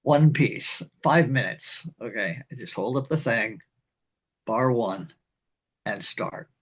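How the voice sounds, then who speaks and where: An older man, a community band director, explaining conducting in a rambling, halting way and singing rhythms. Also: medium pitch, expressive, creaky, slightly rough. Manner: rambling, halting, with many fillers and sung rhythms. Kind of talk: instructional talk on conducting.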